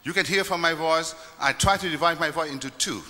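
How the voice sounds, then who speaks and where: Guy demoing music stuff on stage, really bright voice, echoey hall, kinda high. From Vietnam. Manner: halting, playful, counts beats aloud. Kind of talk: live stage demonstration. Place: stage in a hall before an audience.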